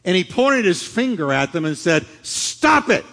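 A middle-aged male pastor preaching a sermon, swinging from loud, dramatic lines to hushed ones. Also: high voice, sing-song, moderate pace. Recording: long hall reverb.

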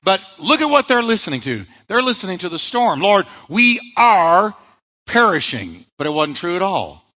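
High animated preaching man. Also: fairly quick, hardly any pauses, long reverb tail, poor audio. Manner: emphatic preaching, rhetorical questions. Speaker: pastor. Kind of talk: sermon.

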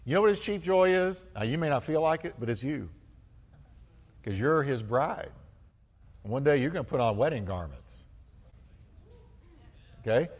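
A man preaching as pastor to his church, fervent, building to loud exclamations and calling the congregation to respond. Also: fairly high pitch, expressive, normal speed, pauses often, slightly rough, in a large hall. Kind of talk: sermon. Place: church sanctuary.

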